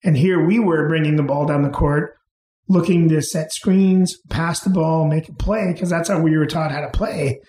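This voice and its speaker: A middle-aged man, an interview guest, telling anecdotes in an unhurried way and chuckling as he goes. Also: on the high side, fairly even intonation, a little mellow, echoey room, slight background noise. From Canada. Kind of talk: casual storytelling.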